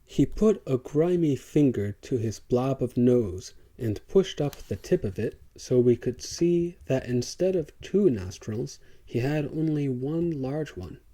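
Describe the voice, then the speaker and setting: A man narrating an audiobook in a measured, scripted way. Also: mid-range voice, animated, warm tone.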